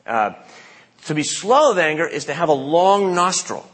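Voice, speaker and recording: A man's voice: fairly high pitch, sing-song, moderate pace, fairly bright tone. A man preaching a sermon as pastor, telling stories in a conversational way and acting out the quotes he tells. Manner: conversational storytelling with acted-out quotes. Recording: long reverb of a large hall.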